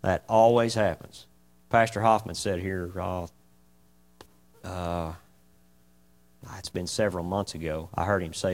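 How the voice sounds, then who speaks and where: A man leads an informal Bible study in a folksy, lively manner. He keeps asking his listeners questions and drives his points home. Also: deep voice, unhurried, long pauses. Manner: folksy and animated, asks the group many questions. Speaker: preacher teaching a Bible class.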